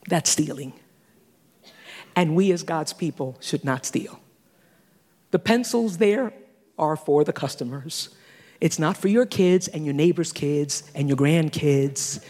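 A woman in her sixties preaching a sermon, animated, with teasing asides and laughter. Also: lowish voice. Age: 60s. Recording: long hall reverb.

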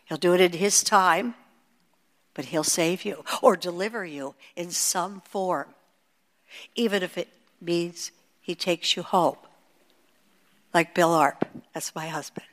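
An older woman teaching a sermon, moving between emphatic high peaks and hushed, quiet asides. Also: slow pace, pauses often. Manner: expressive preaching, rising to emphatic peaks and dropping to hushed asides. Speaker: Bible teacher. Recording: long hall reverb.

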